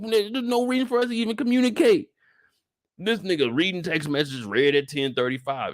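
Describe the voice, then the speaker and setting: A young man hosting a casual live recap show, joking and profane, ranting with sudden high-pitched bursts of outrage. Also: very animated, brisk, a bit bright, no echo, clean studio sound. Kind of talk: animated casual recap chat.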